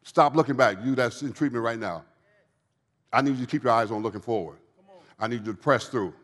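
Speaking briskly, a fifties-aged guest speaker delivers his testimony to a live audience in a large, reverberant hall. His quiet, low storytelling gradually swells into a passionate call to the crowd.

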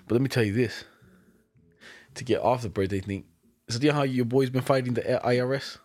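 A young man telling a story in casual chat, animated and slangy, acting out the other people's lines with frequent laughs. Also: medium pitch, brisk, dry recording. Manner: casual slang-heavy talk. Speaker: podcast co-host telling a story.

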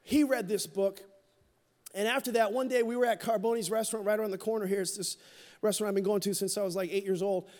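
A middle-aged man preaching a sermon in a church, telling a personal story with candor and dropping to a hush at tender moments. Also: high voice, fairly even intonation, fast talker. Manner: candid, storytelling, drops to a hush for quoted moments. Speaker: pastor. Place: church sanctuary. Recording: long hall reverb.

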